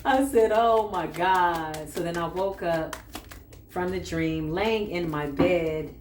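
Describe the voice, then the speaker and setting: A woman with a fairly low voice tells a spiritual story in loose, casual talk, acting out quoted lines as she goes. She is recorded in an echoey room. Faint noise sits underneath her voice. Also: slow. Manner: animated, acts out quoted voices, laughs often. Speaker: spiritual reader.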